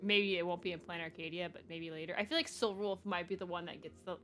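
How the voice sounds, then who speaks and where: A young woman streamer reacting to a game story in casual, excitable, gushing talk. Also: fairly low pitch, quick pace, soft background music.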